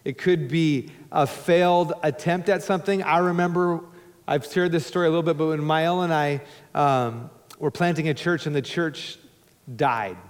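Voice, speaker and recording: Male pastor, higher voice, preaching with joking asides and big loud-to-soft swings, church reverb tail. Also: normal speed. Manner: emphatic, swings between loud urging and hushed low tones. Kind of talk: sermon. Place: church sanctuary before a congregation. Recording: long hall reverb in a church.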